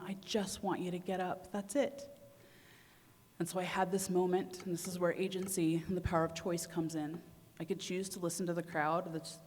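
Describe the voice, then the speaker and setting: A woman's voice: lowish voice, darkish tone. A young adult woman giving a conference talk, telling a personal story and acting out her own inner voice with feeling. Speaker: conference speaker. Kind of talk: personal story told to an audience. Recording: long hall reverb.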